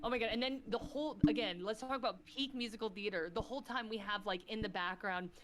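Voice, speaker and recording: A woman talks at a medium pitch as a podcast guest, gushing and getting emotional as she goes. She swears freely and peppers everything with "like." Her delivery is casual, excitable chat. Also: fast, heavy background noise. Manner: effusive, swears freely, fillers of "like".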